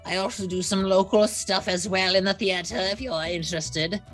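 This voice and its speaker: A woman's voice: medium pitch, steady tone, normal speed, a bit bright, soft background music. A woman voice actor and streamer introducing herself in an upbeat, polished way. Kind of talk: self-introduction on a live stream.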